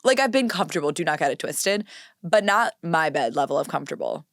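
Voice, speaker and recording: A woman's voice: low-pitched, lively intonation, fairly quick, dry recording, studio quality. A woman in her twenties hosting a solo podcast in casual, chatty talk, dramatic and self-mocking. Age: 20s. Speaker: podcast host.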